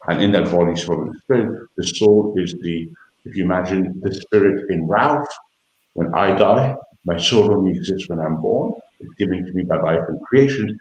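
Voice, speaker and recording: A man's voice: low-pitched, a little mellow, roomy sound, poor audio. A man explaining his Christian faith in a casual online debate, earnest and stumbling over restarts.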